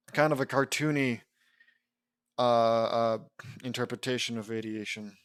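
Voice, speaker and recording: A man's voice: mid-range voice, clean tone, no echo. A man reading his own fan fiction aloud and breaking off for digressive, dismissive commentary.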